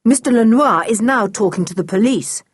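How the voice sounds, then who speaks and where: A woman's voice: a little high, expressive, moderate pace, slightly rough, voice pushed up. A woman voicing a responsible older boy who speaks firmly and earnestly in a storybook. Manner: firm, earnest. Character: responsible eldest boy, steady leader.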